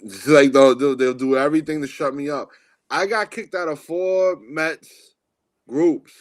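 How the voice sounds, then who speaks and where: A man's voice: fairly high pitch, a little slow, no echo. A man co-hosting a podcast who talks in a blunt, opinionated way, often ranting in casual sports chat. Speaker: podcast co-host.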